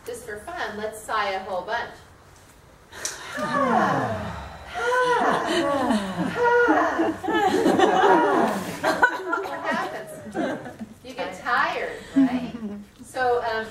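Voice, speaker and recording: A woman teaching a yoga training class, talking the group through breathing and asking them questions. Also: mid-range voice. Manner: conversational, asks the class questions. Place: studio room with a group. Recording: echoey room, distant mic, noisy.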